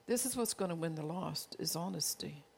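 This pastor's mid-pitched voice carries a creaky, gravelly edge and a slightly mellow quality as he preaches with feeling. He is animated and moves at normal speed, confessing earnestly and regularly addressing the congregation directly.

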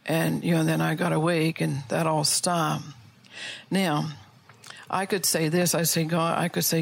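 A woman's voice: low-pitched, steady tone, normal speed, vocal fry. A middle-aged woman pastor preaching earnestly, asking her listeners rhetorical questions. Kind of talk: sermon.

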